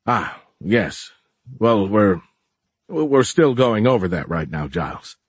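A man voicing a gentle, energetic colleague who answers with hesitant caution. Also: fairly low pitch, slow, breathy edge, no echo, full character voice. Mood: hesitant, calm. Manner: hesitant, placating.

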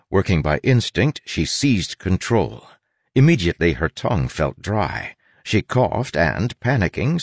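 A man giving expressive scripted audiobook narration. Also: deep voice, dry recording. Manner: expressive storytelling.

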